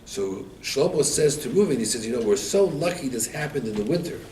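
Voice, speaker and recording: A man teaching a Torah class, telling stories and acting out the quotes with lively rises in his voice. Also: fairly quick. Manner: animated storyteller, acts out quotes with rising pitch. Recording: echoey room, mic at a distance, faint background noise.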